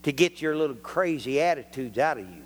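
A man's voice: a little high, big-room sound, a little hiss or hum. A man preaching a folksy, joking sermon in a church, dropping frequent amens. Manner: folksy, jokey, punctuated with amens. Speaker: traveling preacher.

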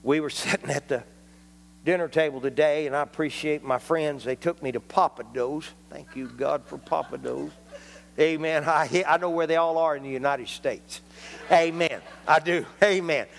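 A man's voice: a little high, normal speed, vocal fry, in a large hall, a little hiss or hum. A man preaching a folksy, joking sermon in a church, dropping frequent amens. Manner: folksy, jokey, punctuated with amens. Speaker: traveling preacher.

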